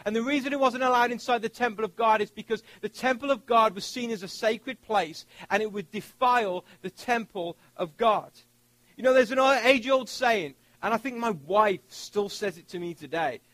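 A man's voice: high voice, normal speed, fairly bright tone, no echo, poor audio. A man preaching a sermon as pastor, telling stories from childhood and joking with his congregation.

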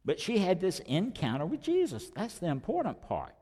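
A pastor preaching a sermon, talking conversationally with sudden loud rises and quiet drops. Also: male voice, high-pitched, wildly swooping pitch, normal speed, breathy edge, long reverb tail.

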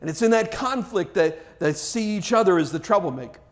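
Male preacher with a high voice; fervent, emphatic sermon delivery with frequent restarts. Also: lively intonation, brisk.

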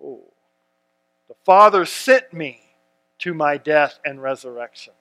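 A man's voice: on the high side, animated, slow, sharp tone. A man preaching a sermon, reading scripture and stressing key words earnestly, with frequent restarts. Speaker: pastor.

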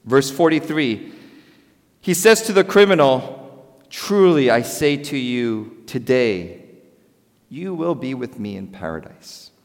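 A man preaching a sermon as a pastor, animated, swinging between loud emphasis and quiet, softer passages. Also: medium pitch, slow pace. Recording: long hall reverb.

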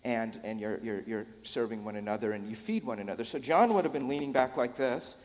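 A man's voice: mid-range voice, brisk, darkish tone. A man preaching a sermon in a casual, conversational way, with joking asides to the congregation. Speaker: pastor. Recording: long hall reverb.

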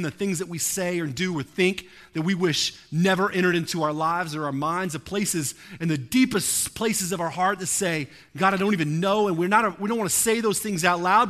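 A man with a high, bright voice preaches a sermon. He talks in an earnest, conversational way with casual asides, then presses hard on key phrases. His tone stays clear and forward. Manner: earnest, building from hushed to emphatic; casual filler "like" and "right". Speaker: pastor.

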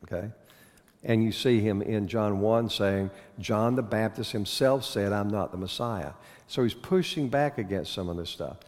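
At a moderate pace, a man with a lowish, darkish voice delivers a conversational Bible lesson, questioning his listeners and adding corny puns. A hall's long reverb colors the recording.

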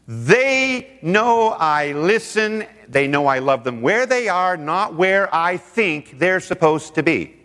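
At a men's seminar, a speaker tells stories to the group, acting out both sides of his conversations. His voice is a little high, expressive and fairly bright, and he's unhurried. The recording carries a long hall reverb.

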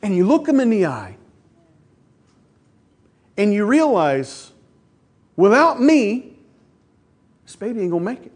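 A man's voice: high-pitched, measured pace, pauses often, breathy edge. A middle-aged male pastor preaching a sermon, telling stories and acting out voices along the way. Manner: storytelling, animated, acts out quoted voices.

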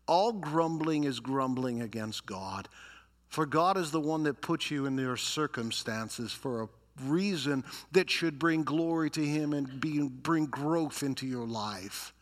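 A man's voice: on the high side, expressive, a little slow. A male pastor preaching a sermon, acting out complaining voices and reading scripture with dramatic emphasis. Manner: dramatic, voices grumblers and reads scripture with rising intensity.

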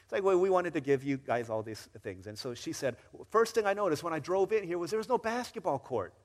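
A man preaching a sermon, telling a story in a lively way and acting out the quoted voices. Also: a little high, fairly quick, in a large hall. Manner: animated storyteller, acts out quotes with rising excitement. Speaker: pastor. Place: church sanctuary.

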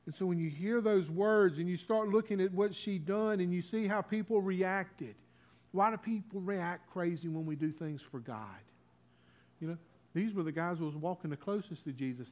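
A man preaching a communion sermon in a church. He talks in a folksy way, leads the congregation in call-and-response, and swings between loud and hushed. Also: high-pitched, normal speed. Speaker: pastor.

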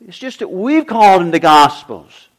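A man's voice: high voice, big pitch swings, moderate pace. An older man preaching a sermon as pastor, emphatic, with repeated refrains and rhetorical questions.

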